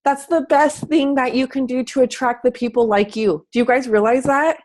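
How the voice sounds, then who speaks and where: A young adult woman fitness coach giving a chatty, animated coaching talk, acting out people's thoughts as she goes. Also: sits high, moderate pace. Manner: chatty, animated, acts out squealing quoted thoughts. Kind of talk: casual coaching talk to camera.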